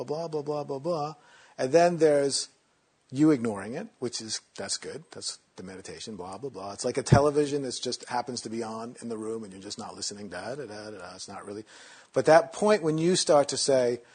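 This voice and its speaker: A man teaching meditation in a relaxed, conversational way, sometimes acting out inner voices in a mocking tone. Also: mid-range voice, breathy edge.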